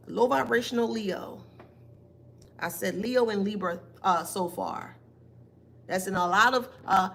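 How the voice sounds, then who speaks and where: A woman's voice: mid-range voice, gravelly, fairly bright tone, a little hiss or hum. A woman giving a spiritual reading, taunting and emphatic, asking pointed rhetorical questions. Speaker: tarot reader.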